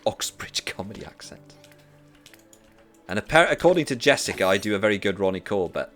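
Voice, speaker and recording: A man's voice: fairly low pitch, sing-song, rapid-fire, a bit bright, soft background music. A Norwegian man who learned British English chats casually while gaming on stream, hesitant, with many fillers and restarts. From Norway. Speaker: streamer, teacher.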